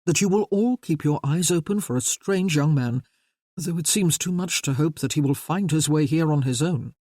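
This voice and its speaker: A reader voicing a reserved nobleman who speaks in a measured, earnest way. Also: medium pitch, darkish tone, dry recording, studio quality, close to an everyday voice.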